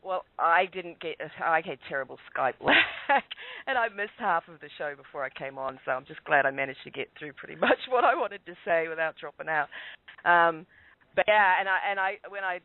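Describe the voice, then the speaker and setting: Aussie guy telling a story on a skype call, a bit high and gravelly, keeps restarting, dry sound. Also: animated, normal speed, no room sound, narrow, tinny audio. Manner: hesitant, stumbling restarts. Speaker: radio show guest. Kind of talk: casual storytelling.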